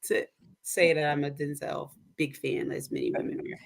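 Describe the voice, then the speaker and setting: A woman's voice: deep voice, fairly even intonation, normal speed, creaky. A woman appearing as an expert guest on a talk show, speaking thoughtfully with some hesitation. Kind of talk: casual chat.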